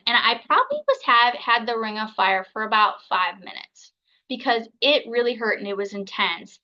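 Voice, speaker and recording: A woman in her thirties from the United States tells a personal story as a podcast guest, chatting casually with lots of fillers and acting out other people's words. Her mid-range voice sounds pushed and bright, and the recording is muffled.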